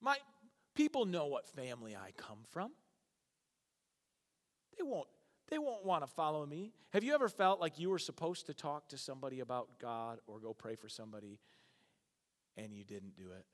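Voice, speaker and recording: A man preaching a sermon as pastor, joking and acting out quick voices for the people in his story. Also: medium pitch. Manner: animated, jokey, acts out voices. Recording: long hall reverb.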